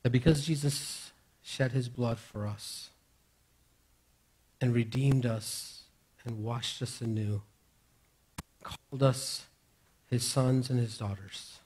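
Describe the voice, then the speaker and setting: A man preaching a sermon as pastor, moving between raised, emphatic declarations and hushed, near-whispered reassurances. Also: mid-range voice, fairly even intonation, takes it slowly, pauses often, breathy edge.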